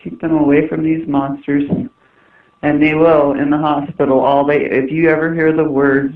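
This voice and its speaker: A woman's voice: low-pitched, level tone, moderate pace. A middle-aged woman, a mother appearing as a guest, speaking emphatically and pleadingly in a phone-in interview. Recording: tinny phone line, distant.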